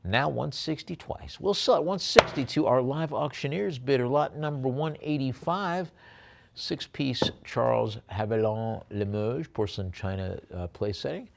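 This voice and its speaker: A male auctioneer calling bids at a live auction, moving between brisk bid calls and rambling, halting asides about the items. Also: medium pitch, gravelly, a little hiss or hum.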